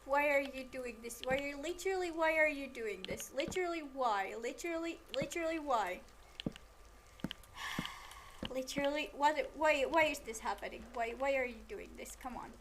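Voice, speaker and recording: A woman's voice: sits high, moderate pace, slight background noise. A woman streamer giving casual commentary while building in a game, talking to the game and repeating herself when it won't cooperate. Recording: game music playing underneath.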